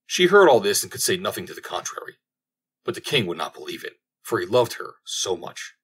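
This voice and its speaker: A man reading a fairy tale aloud as an audiobook narrator, in a measured storytelling manner, recorded at home. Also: on the low side, big pitch swings, fairly bright tone, breathy edge.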